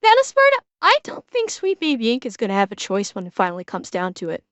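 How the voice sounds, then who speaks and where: A woman's voice: a little high, wildly swooping pitch, fast talker, a bit bright, no echo. A woman streamer giving blunt, profane, casual commentary while reacting to a video.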